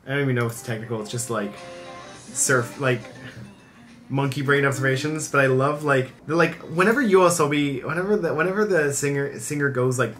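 A man's voice: mid-range voice, fairly quick, a bit bright, soft background music. An American man chatting casually as a co-host, explaining things in an eager, rambling way with lots of filler words. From United States. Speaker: reaction channel co-host. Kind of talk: casual chat.

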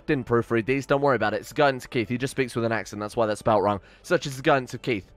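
A man's voice: mid-range voice, very fast. A man giving rambling, casual commentary on his strategy game, often cutting himself off and swearing. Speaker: let's-play streamer.

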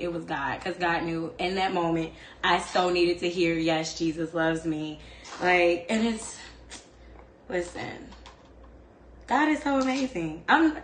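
Lady chatting away while she cooks, expressive, says like a lot, roomy kitchen sound. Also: medium pitch, a little hiss or hum. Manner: chatty and expressive, fond of the word "like". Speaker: cooking show host. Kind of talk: casual chat while cooking. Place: home kitchen.

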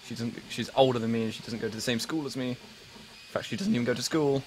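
Rambling English teen streamer. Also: male voice, mid-range voice, fast, slight background noise, rough recording. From England. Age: late teens. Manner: rambling and self-mocking, full of fillers and restarts. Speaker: livestream host. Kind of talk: casual live-stream chat, answering viewers.

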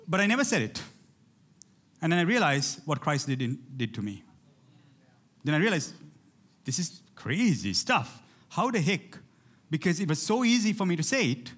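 Animated pastor, a man, rallying his congregation. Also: a little high. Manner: animated, rallies the congregation with call-outs. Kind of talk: sermon. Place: church.

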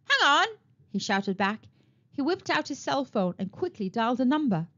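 Expressive woman reading a kids' book. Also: on the high side, normal speed, muffled recording. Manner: expressive storytelling. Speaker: storytime reader. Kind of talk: children's read-aloud narration.

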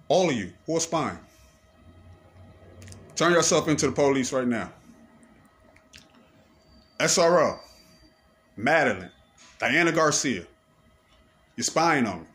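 A man with a slightly raised pitch rants straight into the camera. He swears constantly, repeats himself, and fires off accusing questions. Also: expressive, slow pace, pauses often, fairly bright tone. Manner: confrontational, repetitive, swearing. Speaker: person ranting to camera. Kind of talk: angry profane rant to camera.

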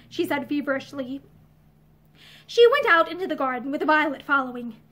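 A woman narrating a novel aloud, expressive, lifting her voice for the dialogue. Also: normal speed. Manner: expressive, heightened pitch for dialogue. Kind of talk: audiobook-style reading with character voices. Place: indoor room with bookshelves. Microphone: seated facing camera.

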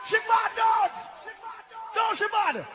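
A man, hyping a live dancehall session as selector, shouting commands to the dancers and laughing between calls. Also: extremely high pitch, animated, slow, over a noisy crowd, very noisy. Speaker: sound system selector and MC. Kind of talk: live dancehall hype over music. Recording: echoey live sound over loud music.

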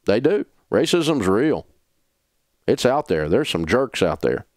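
A Southern-accented radio host ranting with blunt, preachy conviction. His pitch jumps around a lot, and his voice sits dry and close to the studio mic. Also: very animated, slow, a little mellow, no echo. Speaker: radio talk show host. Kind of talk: passionate on-air advice rant.

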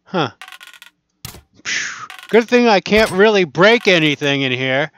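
A man's voice: sits high, animated, takes it slowly, a bit bright, lo-fi sound, a little hiss or hum. A man casually commenting while he plays a VR archery game, chatting and laughing to himself as he goes. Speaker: gaming channel host.

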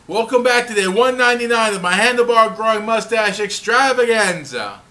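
Upbeat high-voiced man vlogging. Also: expressive, normal speed, hardly any pauses, sharp tone. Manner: upbeat, jokey, sings a theme jingle. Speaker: vlog host. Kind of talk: casual video diary. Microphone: built-in camera mic.

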